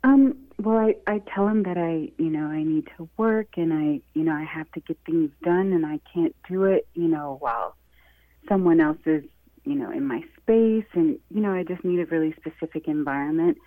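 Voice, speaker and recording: A woman's voice: deep voice, moderate pace, dry recording. A woman calling in to a radio advice show, talking hesitantly with lots of ums and you-knows. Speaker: caller. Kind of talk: call-in radio talk. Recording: tinny phone line.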